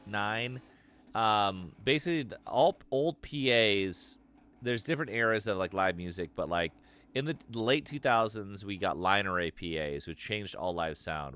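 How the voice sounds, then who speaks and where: A man's voice: lowish voice, fairly bright tone. A man hosting a live stream and taking callers, talking in a loose, profane, rambling way. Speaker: host taking live calls. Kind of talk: casual live-stream chat. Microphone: streaming mic.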